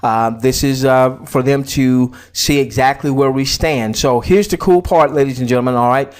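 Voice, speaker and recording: A man's voice: medium pitch, moderate pace, clear, resonant tone. A middle-aged man promoting an online business in a casual screen-share walkthrough, chatty with many fillers and repeats, fighting a slight cough.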